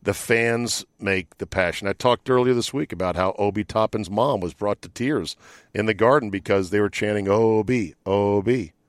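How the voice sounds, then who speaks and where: Recording from inside a van at night, a man hosts a casual sports podcast, joking around and swearing freely. His voice sits on the low side, moves at normal speed, and carries no echo.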